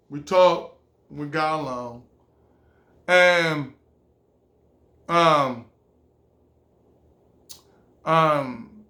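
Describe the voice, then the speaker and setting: A vlogger from California tells a personal story to camera and keeps circling back to repeat himself, chuckling as he goes. His voice sits fairly high for a man and sounds bright, and he talks at a slow, unhurried pace. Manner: rambling and repetitive, with chuckles.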